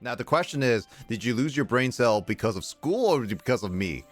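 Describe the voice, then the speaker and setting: A man's voice: medium pitch, big pitch swings, brisk, faint music behind. A man streaming a game, joking and laughing with friends in casual chat. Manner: joking, giggly, reads game text aloud. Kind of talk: casual livestream chat while playing.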